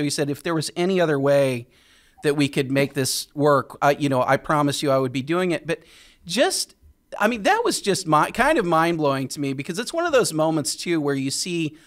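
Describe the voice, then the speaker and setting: A man hosting a film podcast, talking enthusiastically about a film with hesitant restarts. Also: a little high. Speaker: podcast host. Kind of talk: casual podcast chat.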